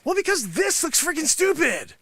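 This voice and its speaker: A man playing a boastful, money-grubbing karate sensei who scolds his class and breaks into shouts. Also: extremely high pitch, very animated, normal speed, a little hiss or hum, heavily acted. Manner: bragging, scolding, swings into shouts. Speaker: livestream host. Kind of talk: improvised comedy character bit.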